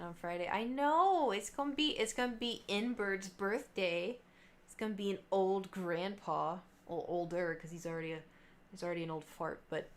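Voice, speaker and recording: A woman in her late twenties, a live streamer, telling stories in a casual, chatty way with lots of fillers and asides. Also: mid-range voice. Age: late 20s. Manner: chatty, animated, many fillers and trailing asides. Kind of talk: casual storytelling chat.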